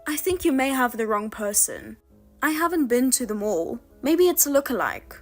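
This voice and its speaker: A woman's voice: sits high, expressive, normal speed, faint music behind. A woman narrating her own story in the first person, reproachful and indignant toward her sister. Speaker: narrator and wronged wife.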